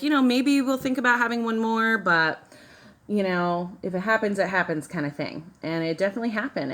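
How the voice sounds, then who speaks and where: Woman, beauty vlogger, casual chat, rambling, fillers, slightly low voice. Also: fairly bright tone. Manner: chatty and rambling, full of "like" and "you know". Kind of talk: casual makeup tutorial with personal storytelling.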